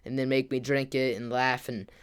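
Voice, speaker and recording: A gaming vlogger tells a casual storytime to his camera, rambling and scattering "like" and "kinda" throughout while acting out his friends' lines in quick quotes. His medium-pitched voice is smooth, with a flat delivery.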